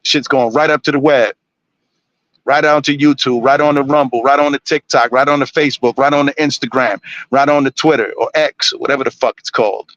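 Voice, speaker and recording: Blunt, forceful man ranting on a stream. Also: medium pitch, steady tone, brisk, no room sound, muffled recording. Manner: blunt, preachy, swears constantly. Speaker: live streamer. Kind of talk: profane ranting monologue.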